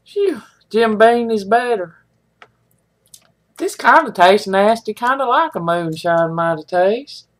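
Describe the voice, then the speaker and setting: A middle-aged woman talks slowly in a medium-pitched voice, with slight noise in the background. She is chatting casually and folksily with viewers of her live stream, wandering from point to point.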